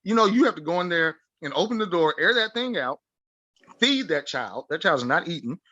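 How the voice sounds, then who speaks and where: A man talks with fervent conviction on a podcast, preaching his point with sudden leaps in pitch as he acts out imagined voices. His voice sits in a middle register. The sound is close and dry, with no room echo. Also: big pitch swings, moderate pace, bright, forceful tone, highs cut off. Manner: impassioned and emphatic, preachy, acts out quoted inner voices with big pitch jumps. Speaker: podcast guest, life coach. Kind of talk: casual podcast conversation.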